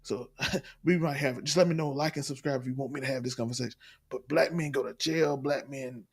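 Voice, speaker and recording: A man's voice: mid-range voice, brisk, creaky. A man from Mississippi, delivering an emphatic, rambling opinion monologue and repeating his points. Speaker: commentator in clip.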